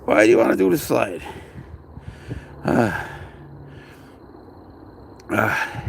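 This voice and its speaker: A man's voice: fairly low pitch, sing-song, very slow, creaky, slight background noise. A man filming his cat at an outdoor playground, chatting casually with profane, exasperated banter. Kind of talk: casual vlog chat.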